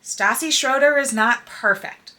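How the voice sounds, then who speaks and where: Animated young woman host, bright voice. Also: high voice, measured pace. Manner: animated, opinionated, heavy use of "like". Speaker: podcast host. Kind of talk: casual pop culture chat.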